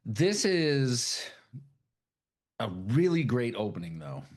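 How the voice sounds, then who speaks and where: A man's voice: mid-range voice, sing-song, takes it slowly. A man co-hosting a podcast, chatting casually and profanely, rambling and laughing often. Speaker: podcast co-host. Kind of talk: casual chat.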